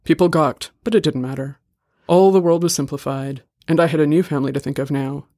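A man reading a short story aloud in a steady, measured way. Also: a little high, dry recording, studio quality. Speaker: story reader. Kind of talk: scripted narration.

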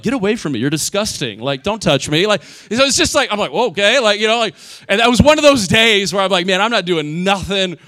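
A man in his forties preaching a sermon, telling stories with animation and asking "right?" again and again. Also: fairly high pitch. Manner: animated storytelling, asks "right?" often. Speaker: pastor.

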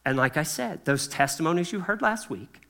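A man's voice: on the high side, expressive, gravelly, bright, forceful tone. A pastor preaching a conversational sermon to his congregation, often checking in with "okay?" and acting out what people say. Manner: acts out quoted voices, slows for emphasis.

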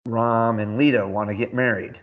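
A man in casual podcast chat, rambling excitedly and laughing often as he recaps. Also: on the low side, moderate pace, narrow, tinny audio. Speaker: podcast co-host.

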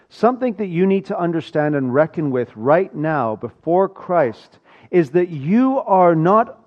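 A man from South Africa preaching a sermon, rising loud for emphasis and dropping to a hushed low voice. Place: church. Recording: dull lo-fi sound.

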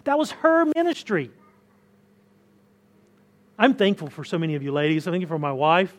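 A man's voice: on the high side, very animated, moderate pace. A man preaching a conversational sermon to a church congregation, often restarting words and pressing his points with rising emphasis. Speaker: pastor. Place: church hall.

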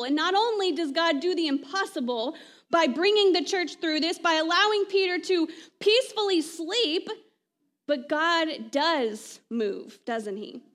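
Woman pastor giving a sermon, really high voice, chatty, lots of "right?", trails off soft at the ends. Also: a little slow. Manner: conversational preaching, frequent "right?" asides.

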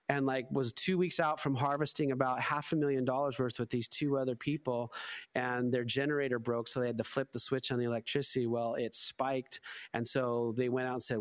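Middle-aged man, pastor guest, loose animated storyteller, filler-heavy casual delivery. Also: medium pitch. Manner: animated, chatty, lots of "like" fillers.

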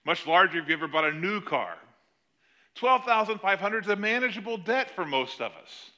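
A man preaching a sermon, retelling a parable with animated emphasis. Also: high-pitched, a little fast. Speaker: pastor.

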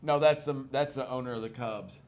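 A man in casual chat, retelling a film with rambling, profane excitement. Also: medium pitch, brisk.

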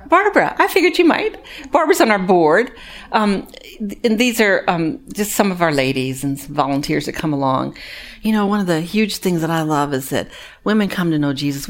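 A woman who runs a women's recovery ministry, telling animated, heartfelt stories to an audience. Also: sits low. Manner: animated, acts out other people's voices; earnest and heartfelt, drops quieter on sad moments. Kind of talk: storytelling talk to an audience.

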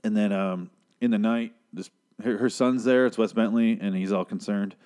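A man's voice: on the low side, fairly even intonation, moderate pace, darkish tone, smooth. A man giving a casual, rambling episode recap, profane and opinionated, swearing freely. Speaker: TV show recapper.

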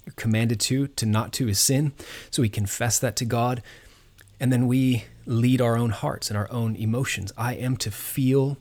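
A man preaching a sermon in an earnest, measured teaching manner, pausing on fillers and restarting phrases. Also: mid-range voice, fairly even intonation, darkish tone. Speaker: pastor.

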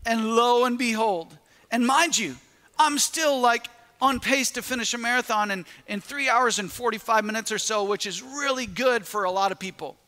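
A man preaching a sermon, telling a personal story in an animated way and acting out his own reactions. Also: very high voice, normal speed. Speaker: pastor. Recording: echoey hall with long reverb.

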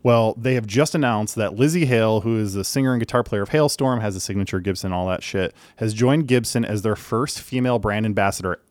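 A man's voice: on the low side, a little fast, hardly any pauses, a little mellow, no room sound. A man co-hosting a podcast, talking in a loose, rambling way full of fillers and casual swearing. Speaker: podcast co-host. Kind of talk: casual chat.

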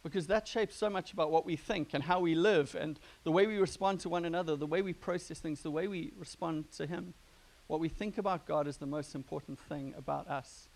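A pastor giving a sermon in a relaxed, conversational way, joking with his congregation. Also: fairly high pitch, fairly quick, creaky, hardly any pauses. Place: church gathering.

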